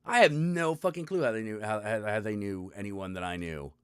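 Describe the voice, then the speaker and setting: A man's voice: on the low side, a little fast, clean tone, no echo. A man hosting his own stream, ranting casually and profanely to his chat, rambling and exasperated with lots of restarts. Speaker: stream host.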